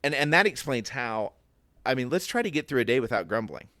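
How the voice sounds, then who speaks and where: A man's voice: mid-range voice, very animated, a little fast, fairly bright tone, no echo, studio quality. A man co-hosting a casual Bible discussion podcast, thinking aloud and acting out the questions in his head. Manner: reflective, thinks aloud with restarts and acted inner questions. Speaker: podcast co-host.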